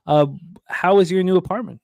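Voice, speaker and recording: A man co-hosting a casual sports-betting show, chatting and calling virtual horse races with rising excitement. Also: sits high, fairly quick, creaky, dry recording, clean studio sound. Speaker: co-host. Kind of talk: casual chat and horse-race commentary.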